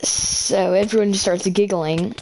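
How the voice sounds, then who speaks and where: A woman's voice: medium pitch, fairly even intonation, measured pace, darkish tone, slight background noise. A teenage girl casually telling a long school story while playing a game, rambling with lots of fillers and restarts. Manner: rambling, filler-heavy, self-correcting.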